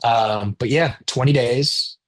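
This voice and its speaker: Husky guy in his 30s on an interview, chatty, acts out what people said. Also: medium pitch, takes it slowly. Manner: animated storyteller acting out quoted dialogue, swears freely. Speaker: interview guest, rapper and director. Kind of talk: casual storytelling interview.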